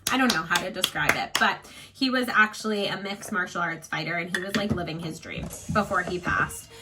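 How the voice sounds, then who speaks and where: A woman's voice: lowish voice, brisk, music in the background, low-quality recording. A woman who works as a psychic medium, telling a personal story in a chatty, rambling way, full of fillers and emotional at times. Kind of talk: casual get-ready-with-me storytelling.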